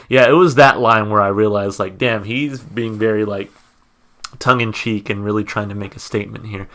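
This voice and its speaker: An American man hosting a music reaction video, thinking aloud in casual commentary, reading lyrics and notes and filling pauses with "uh" and "like". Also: on the low side, fairly even intonation, pushed and bright. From United States. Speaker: music reaction channel host.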